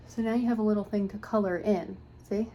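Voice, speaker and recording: A woman hosts her podcast while doing her makeup, chatting in a loose, offhand way and dropping wry little asides. Her voice sits at an ordinary middle pitch. She's set back from the mic in a roomy space, with a faint hiss underneath. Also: steady tone, brisk, mellow, far from the mic. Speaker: podcast host. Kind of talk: casual rambling makeup tutorial. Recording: echoey room, voice away from mic, faint hiss.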